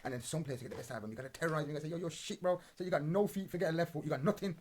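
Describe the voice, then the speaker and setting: A man's voice: a little high, rapid-fire, a little mellow, a little hiss or hum. A young man hosting a casual football podcast and reacting to match footage in blunt, rambling, sweary banter full of street slang. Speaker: podcast host. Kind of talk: casual football watch-along commentary.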